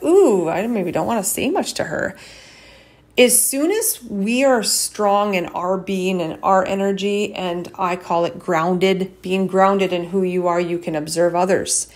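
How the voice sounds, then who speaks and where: A woman chiropractor hosting a casual solo podcast, talking frankly and swinging her pitch up and down to demonstrate different tones of voice. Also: a little mellow.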